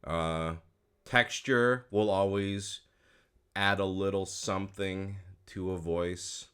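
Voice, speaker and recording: Very deep-voiced man, rambling and frank. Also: fairly even intonation, takes it slowly, a bit bright, clean tone. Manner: rambling, frank, full of fillers and restarts; dry, self-mocking. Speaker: voice actor and host. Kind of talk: casual reaction commentary.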